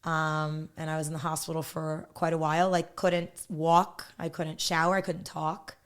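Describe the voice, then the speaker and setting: A woman's voice: low voice, little pitch movement, moderate pace. A woman in her thirties, a podcast guest, telling her story bluntly and candidly, laughing often.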